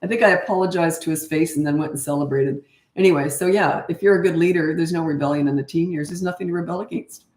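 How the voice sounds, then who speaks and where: A woman's voice: sits low, fast, darkish tone, reverberant. A middle-aged woman coaching parents in a casual live-stream Q&A, frank and chatty, laughing often, on a webcam.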